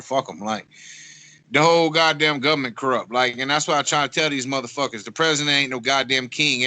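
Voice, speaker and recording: A man co-hosting a podcast, ranting in heated, slang-heavy, profane talk. His voice is bright and tense, and it sounds dry and close to the mic. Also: medium pitch, no room sound. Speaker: podcast co-host. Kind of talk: casual podcast banter.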